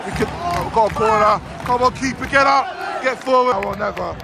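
Man, high-pitched, angry yelling at the ref, phone mic, roaring stadium crowd. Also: moderate pace, gravelly. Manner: angry shouting at the referee. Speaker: football fan vlogger. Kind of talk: live match reaction from the stands. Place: football stadium stands, outdoors. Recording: loud crowd and noise.

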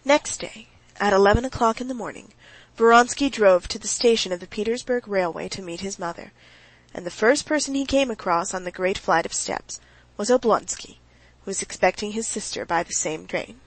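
A woman's voice: medium pitch, no echo, rough recording. Woman narrating a classic novel. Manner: measured, even storytelling. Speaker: audiobook narrator. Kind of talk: scripted narration.

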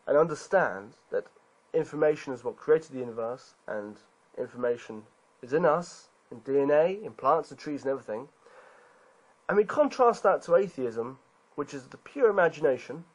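Man, husky voice, lively pitch, preachy rhetorical argument. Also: low-quality recording. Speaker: video creator being responded to.

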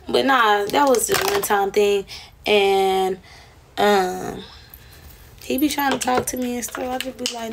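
A woman's voice: fairly high pitch, a little slow, gravelly, background noise. A young woman chatting casually on a livestream, telling a rambling, slangy, profane story to her viewers.

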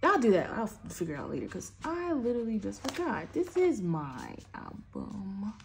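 Young woman, casual unboxing chatter, animated pitch, faint noise behind. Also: normal speed, gravelly. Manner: chatty, exclaims and gasps often, trails off mid-sentence. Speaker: album unboxing vlogger.

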